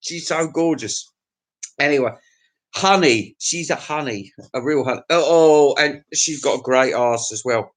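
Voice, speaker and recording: A man's voice: a little high, unhurried. A man hosting a livestream, telling crude, profane, jokey stories in a rambling casual chat to his viewers. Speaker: livestream host.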